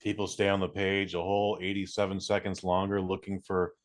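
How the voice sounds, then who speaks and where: Deep-voiced podcast co-host, dry quips. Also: male voice, monotone, fairly quick. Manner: short dry reactions and quips. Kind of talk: casual chat.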